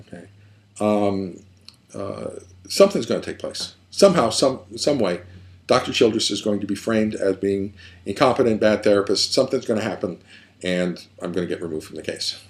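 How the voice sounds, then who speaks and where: A man who works as a therapist, explaining a pattern step by step in an emphatic lecture with repeated phrases. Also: fairly low pitch. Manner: emphatic, repetitive, building points step by step.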